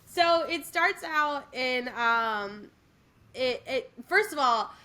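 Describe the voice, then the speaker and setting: High, bright-voiced woman, slow and gushing. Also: animated. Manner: enthusiastic, gushing, with many fillers and restarts. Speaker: podcast co-host. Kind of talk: casual chat.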